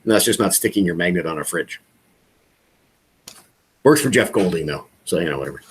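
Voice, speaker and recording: A man's voice: low-pitched, fairly quick, slight background noise. A man coaching real estate agents on a video call, casual and joking. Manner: casual, joking, animated when acting out calls.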